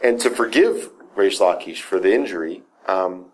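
A man's voice: low voice, normal speed. A man teaching a Talmud story in an informal class, talking casually with many fillers and "right?" checks, and acting out the quoted speakers. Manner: lively, acts out the quoted speakers.

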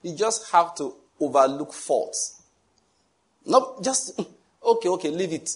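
A middle-aged male pastor delivers a sermon in a slightly high, husky voice. He preaches in a jovial, storytelling way, teasing and chuckling between points as he drives them home. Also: slow pace. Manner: teasing, animated asides.

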